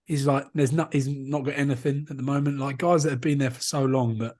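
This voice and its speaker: A man's voice: medium pitch, fairly even intonation, a little fast, darkish tone. A man in his thirties, a rugby player co-hosting a podcast, telling jokey self-mocking stories in casual chat.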